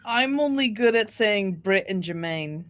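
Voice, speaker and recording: A woman's voice: mid-range voice, lively intonation, unhurried, a bit bright. Brief: woman podcast co-host, enthusiastic and chatty, mid-range voice, casual talk. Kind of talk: casual chat.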